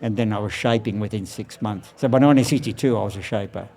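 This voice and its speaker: Older Australian man, eighty, mellow warm voice, animated storyteller, laughs often. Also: lowish voice, fast talker. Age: 80s. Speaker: guest, surfboard shaper. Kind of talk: storytelling interview. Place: outside a surfboard factory.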